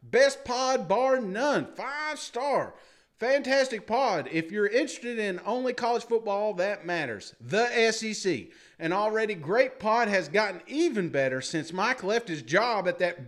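A man with a notably high voice reads listener reviews aloud on a sports podcast. He tosses in jokey, mock-dramatic asides and laughs often as he goes. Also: a bit bright. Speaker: podcast co-host.

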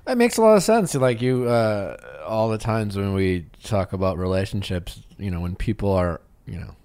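Laid-back low-voiced male host. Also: lively intonation, normal speed, darkish tone, clean tone, dry recording. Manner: laid-back and blunt, with casual swearing. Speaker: podcast host. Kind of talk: casual interview chat.

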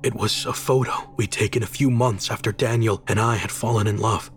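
A man reading a horror story aloud in a measured, dramatic scripted narration. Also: lowish voice, steady tone, soft background music.

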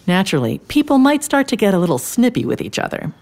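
A woman playing a gentle grandmother who tells a bedtime-style story to a child in an audio drama. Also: medium pitch, big pitch swings, quick pace, creaky. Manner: gentle, warm-toned storytelling.

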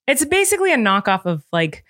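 A woman's voice: a little high, big pitch swings, a little fast, fairly bright tone, dry recording, clean studio sound. Gushing woman chatting casually. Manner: gushing, playful exaggeration. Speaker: podcast co-host. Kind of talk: casual chat.

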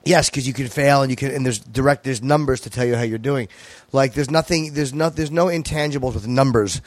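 A man telling stories on a podcast in a blunt, profane way. His voice sits at an ordinary middle pitch. The sound is dry and close, with no room around it. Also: no room sound. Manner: blunt, profane, quick storytelling. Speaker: guest comedian. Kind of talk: casual podcast chat.

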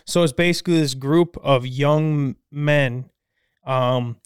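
Animated man spinning a story, clear-voiced. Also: medium pitch, takes it slowly, no echo, clean studio sound. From Minnesota. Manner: animated storyteller, swears freely. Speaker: podcast co-host. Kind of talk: casual podcast chat, storytelling.

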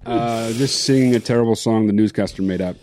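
A man co-hosting a podcast in casual chat, blunt and quick to get worked up. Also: medium pitch, mellow, slight background noise. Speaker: podcast co-host.

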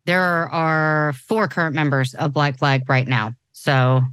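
Forties woman rambling on a music podcast, pretty low voice, dead dry mic. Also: fairly even intonation, slow pace, fairly bright tone, clear, resonant tone, no echo. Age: 40s. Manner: rambling, loose, many restarts. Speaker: podcast co-host. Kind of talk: casual chat.

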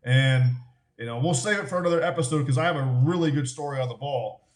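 A middle-aged man spins loose, swear-laden stories with a laugh never far away. His voice sits a touch high, and the room around him rings with echo. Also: fast. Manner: swears freely, animated and laughing. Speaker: guest, former ballplayer. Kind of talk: casual storytelling, profane.

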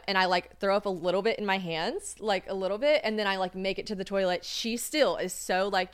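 A woman's voice: mid-range voice, fast, few pauses, clean tone. A young woman co-hosting a podcast, telling a story in casual chat, acting out what others said and laughing often. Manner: animated, acts out quoted voices, laughs often. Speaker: podcast co-host.

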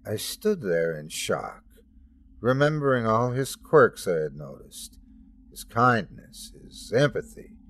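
Slow, expressive male storyteller. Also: mid-range voice. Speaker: host and narrator. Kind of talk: scripted horror story narration.

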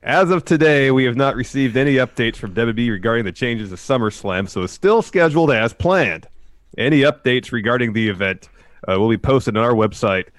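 A man's voice: mid-range voice, lively intonation, fairly quick, dry recording. A man co-hosting a casual news podcast who speaks wryly and skeptically, with frequent filler words. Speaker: podcast co-host. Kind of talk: casual wrestling news chat.

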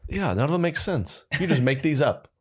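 A man's voice: a little high, a little fast, slightly rough. A man from the American South with a Southern accent, joking through made-up folksy sayings in a casual comedy chat. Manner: joking, makes up folksy sayings, lively delivery.

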